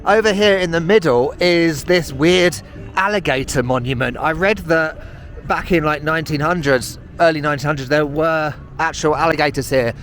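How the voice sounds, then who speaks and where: Walking through city streets, a British man from the UK narrates his travel vlog in British English, chatting away with self-deprecating humour and sarcastic comments. His voice is a little high and a bit bright, at normal speed. Soft music plays behind him.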